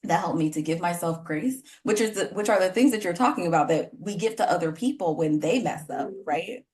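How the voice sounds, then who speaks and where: A woman's voice: lowish voice, animated, brisk, a little mellow. A woman hosting a podcast interview, talking in an effusive, emotional way with many fillers and apologies. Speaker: podcast host.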